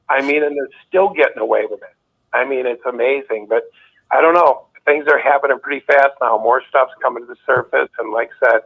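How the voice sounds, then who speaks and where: A man's voice: medium pitch, creaky, slightly rough. A man calling in to a talk show, telling rambling stories with restarts. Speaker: caller. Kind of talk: casual chat. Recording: tinny phone line.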